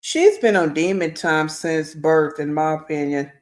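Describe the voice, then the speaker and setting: A woman's voice: deep voice, a little slow. A woman hosting reaction commentary, blunt and critical, talking straight to her viewers. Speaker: commentary host.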